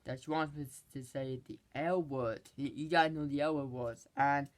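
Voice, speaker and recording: Rambling, excitable movie reviewer. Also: medium pitch. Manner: rambling, halting retelling with many restarts; excitable, exasperated asides. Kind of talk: casual movie recap.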